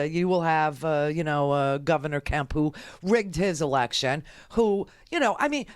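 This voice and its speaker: A woman's voice: medium pitch, no echo, studio quality. A woman radio talk show host ranting through a political monologue, exasperated and pleading by turns. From United States. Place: radio studio.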